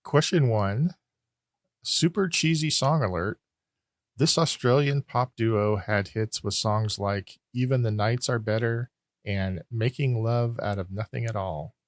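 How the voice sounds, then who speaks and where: This quizmaster has a fairly deep voice and takes his time, recorded without any room sound. Running a laid-back podcast trivia game, he reads questions, announces scores and teases contestants with wry, dry humor, his explanations loose and full of fillers.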